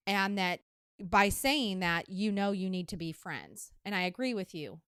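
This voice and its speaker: Smooth-voiced woman podcast host from Missouri. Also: mid-range voice, dry recording, clean studio sound. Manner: emphatic, candid advice with playful teasing. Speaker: dating advice podcast host. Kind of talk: casual advice chat.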